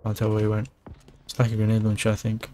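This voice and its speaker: A young man, excitedly commentating his own gameplay and trash-talking opponents. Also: lowish voice, fast talker, slight background noise. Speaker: gamer. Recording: game music in background.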